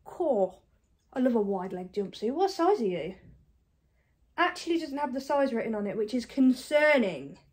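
A woman from the UK chatting casually to camera about her thrift finds, fast and self-deprecating, a bit out of breath. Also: a little high, sing-song, darkish tone. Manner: chatty and self-deprecating, talks fast with many ums and likes. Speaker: reseller vlogger. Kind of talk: casual haul chat to camera.

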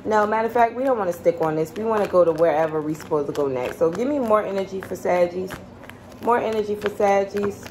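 Woman tarot reader, casual and profane, mid-pitched, faint room hiss. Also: fast talker, darkish tone. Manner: blunt, profane and chatty.

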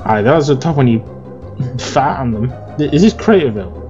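A man's voice: mid-range voice, animated, a little fast, lo-fi sound, over loud music. A groggy, worn-out English man chatting and rambling through casual gameplay commentary as a let's play host.

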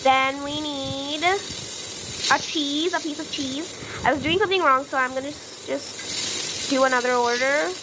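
A young woman chatting through a video game as she plays it, easily flustered, with gasps and excited outbursts. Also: high voice, unhurried, noisy background. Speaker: gaming YouTuber. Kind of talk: casual gameplay commentary.

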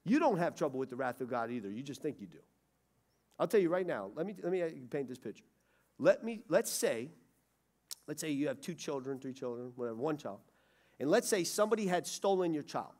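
A middle-aged man preaching a sermon, swinging from loud urgency to hushed pleading. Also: fairly high pitch, sing-song, fairly quick. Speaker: pastor. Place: church sanctuary.

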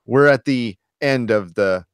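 A man's voice: medium pitch, smooth, dry recording, clean studio sound. Chatty man retelling scenes with laughs. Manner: animated retelling, acts out lines with quick impressions, frequent laughs and fillers. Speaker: podcast co-host. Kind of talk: casual review chat.

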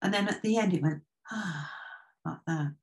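A woman with a somewhat low voice recounts stories as a guest. She talks in a relaxed, anecdotal manner and often stops to restart a thought. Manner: anecdotal, unhurried, with filler restarts. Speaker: trance medium, guest. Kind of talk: casual storytelling in conversation.

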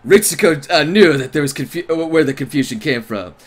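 A man streaming a visual novel, reading the narration aloud and reacting excitedly with crude jokes and laughter. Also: a little high, fairly quick. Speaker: game streamer.

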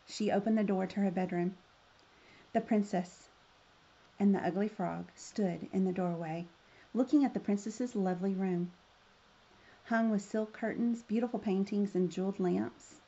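A woman reads a children's fairy tale aloud, gentle and expressive. Her voice is mellow and a little husky. The recording has a dull, lo-fi sound. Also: medium pitch, moderate pace. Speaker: storyteller. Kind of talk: children's story read-aloud.

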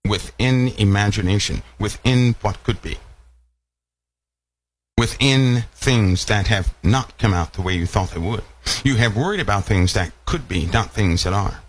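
A man's voice: on the low side, a little slow, breathy edge. A man preaching a sermon, asking his listeners rhetorical questions and repeating phrases for emphasis.

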